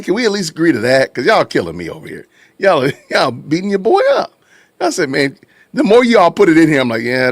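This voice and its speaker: A man's voice: on the high side, no room sound. A man hosting a live-stream podcast in casual commentary, reacting to chat with repeated phrases and frequent laughs. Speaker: podcast host.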